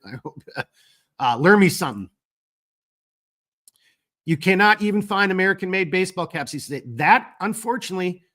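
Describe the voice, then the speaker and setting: A man's voice: high voice, fairly bright tone. A man with a cold hosting a live stream, reading viewer comments in a rambling, casual way with frequent fillers and some cursing. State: fighting a cold. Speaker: gear company owner hosting a live stream.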